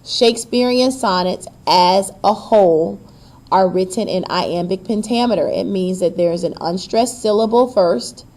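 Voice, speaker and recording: A woman's voice: mid-range voice, a little slow, a little mellow. A woman teacher giving a poetry lesson, chatting to her class with self-deprecating asides and drawing out syllables to show the stress. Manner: stretches out and stresses syllables to demonstrate rhythm. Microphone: recorded on a camera while writing on paper.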